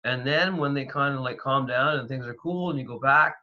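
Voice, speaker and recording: Male guest from Canada, loose and chatty, bright, lo-fi remote audio. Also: mid-range voice, moderate pace. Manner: rambling, animated storytelling with many fillers. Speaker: paranormal investigator guest. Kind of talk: casual interview talk.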